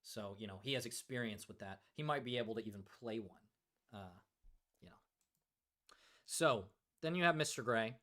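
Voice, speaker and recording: A man's voice: mid-range voice, animated, normal speed, pauses often, a bit bright. A man hosting a casual livestream, joking around and reading viewer comments aloud. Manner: joking, reads chat aloud, many fillers. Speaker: livestream host.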